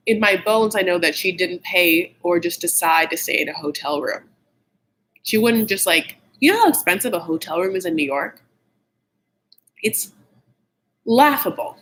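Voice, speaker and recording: A man with a fairly bright voice hosts a gossipy, casual TV show recap, catty, blunt and full of opinions, saying "like" constantly. His pitch jumps around often when he gets worked up, and the audio quality is poor.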